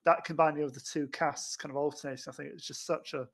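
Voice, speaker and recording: Male co-host, slightly higher voice, rapid chatty delivery, lots of repeated words. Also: fairly even intonation. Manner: quick, agreeable, repeats words. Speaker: podcast co-host. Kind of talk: casual film discussion.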